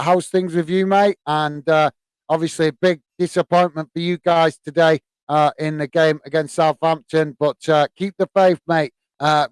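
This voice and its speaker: A man from the UK runs a live football watch-along, casually chatting with viewers, reading their comments out, laughing often, using plenty of "uh", and calling them "mate". His voice is on the high side and smooth, with no echo.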